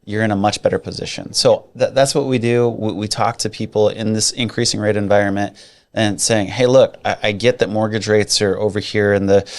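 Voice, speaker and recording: A lower-pitched man chatting on a podcast about money. He talks in an animated way, drops jokey asides and repeats words for emphasis. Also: fairly quick. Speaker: podcast co-host, mortgage adviser. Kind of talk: casual chat.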